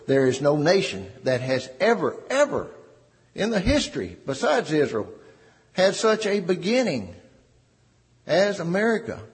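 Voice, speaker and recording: Slow, animated male preacher in a reverberant hall. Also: a little high. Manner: slow, emphatic preaching with dramatic pauses. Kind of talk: sermon.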